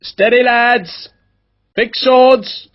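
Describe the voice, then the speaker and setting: Guy shouting as an army lieutenant yelling orders at his men, high and loud, muffled dry audio. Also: lively intonation, normal speed, breathy edge. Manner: shouted battle commands. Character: British army lieutenant commanding riflemen, barking orders. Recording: dull, dry lo-fi audiobook recording.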